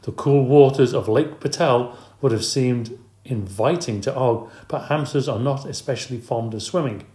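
A man narrates a children's storybook in the first person, with a lively, expressive delivery. His voice sits at a middle pitch. The recording has a roomy reverb. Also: normal speed. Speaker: audiobook narrator.

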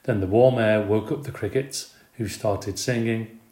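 A man reads a children's storybook aloud with lively expression. His voice sits on the low side. The recording carries a noticeable room echo. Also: unhurried. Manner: expressive, animated reading. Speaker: reader. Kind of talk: storybook narration. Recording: roomy recording.

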